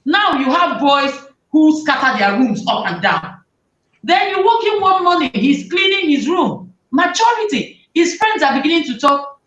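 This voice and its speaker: A woman, hosting a talk show and giving lively advice to parents, often acting out what parents and children say. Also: sits high, moderate pace. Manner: animated, acts out parents' and children's lines. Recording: roomy, distant, dull sound.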